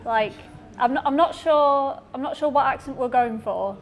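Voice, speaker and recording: A woman's voice: high voice, normal speed. A woman, an independent filmmaker, chatting casually and self-deprecatingly in an interview.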